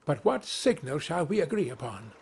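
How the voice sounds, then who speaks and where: A crafty fox general from a storybook fable, as a man voices him. He sounds sly and pleased with himself. His pitch is lifted a little and bounces. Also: very animated, moderate pace, creaky, a little mellow, a little hiss or hum. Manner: sly and self-assured. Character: crafty, self-assured male fox general.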